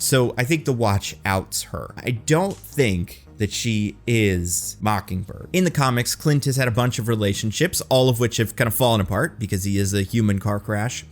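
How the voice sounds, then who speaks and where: A man hosting a casual fan-theory commentary, chatty and rambling, saying "like" often. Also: lowish voice. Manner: chatty and rambling, heavy use of "like". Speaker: host of a movie and TV commentary channel.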